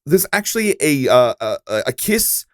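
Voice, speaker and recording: A man's voice: medium pitch, very animated, moderate pace, no echo. Eager man chatting, dry close sound. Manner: eager, chatty, adds trivia. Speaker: podcast co-host. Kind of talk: casual chat.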